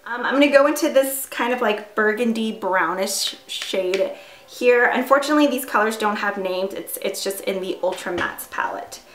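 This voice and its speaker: A woman's voice: mid-range voice, normal speed, fairly bright tone, slight background noise. Young woman rambling thru her makeup routine, lots of ums and likes, roomy echo on the mic. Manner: chatty, filler-heavy, self-deprecating. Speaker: beauty vlogger. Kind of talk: casual makeup tutorial chat. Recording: echoey room.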